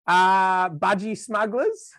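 A man's voice: high-pitched, slow, a bit bright, dry recording, studio quality. A man with an Australian accent chatting casually as a podcast guest, laid-back and laughing often, trailing off and restarting his sentences. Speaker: guest musician.

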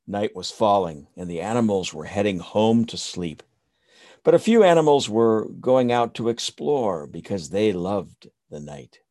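Man telling a bedtime story, slow, low and lively in tone, soothing, dry close sound. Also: no room sound. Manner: soothing, expressive.

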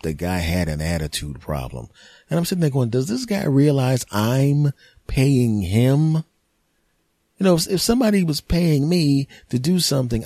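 A male comedian tells a rambling, profane story on his podcast in a low voice. His pitch jumps around a lot as he jokes. The tone is dark and mellow, and the sound is dry and close. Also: no echo.

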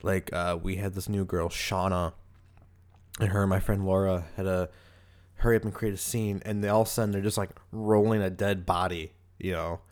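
A man's voice: deep voice, level tone, moderate pace, a little mellow. A young man from the US hosting a podcast, chatting casually and rambling with lots of fillers and restarts. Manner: loose, rambling, many "like"s and restarts. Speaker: podcast host. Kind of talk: casual chat.

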